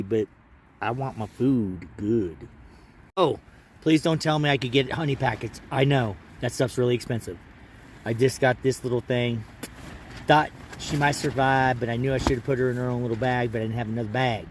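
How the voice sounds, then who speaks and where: A husky, medium-pitched man talks fairly quickly while vlogging outdoors at a mountain campsite. He's from Alaska, slightly tired from the hike, and rambles chattily into his handheld camera, interrupting himself as he narrates.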